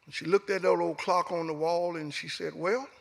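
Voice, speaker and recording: A man's voice: on the high side, little pitch movement, fairly quick, gravelly. A middle-aged man from Alabama with a Southern US accent, telling a personal story as a guest speaker and acting out the dialogue. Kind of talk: storytelling speech. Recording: echoey hall.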